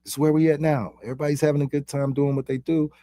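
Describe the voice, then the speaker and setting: A man's voice: fairly high pitch, little pitch movement, quick pace, dark tone, no room sound, clean studio sound. A man giving a rambling, profane spiritual monologue in casual street slang. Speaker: vlogger.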